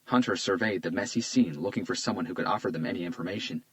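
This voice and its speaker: A man giving measured, scripted audiobook narration on a close studio mic. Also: low voice, dry recording.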